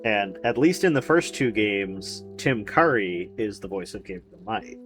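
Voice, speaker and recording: A man's voice: fairly low pitch, lively intonation, unhurried, over music. A man streaming a video game, rambling and joking with casual commentary, swearing and laughing often. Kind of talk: casual let's-play commentary.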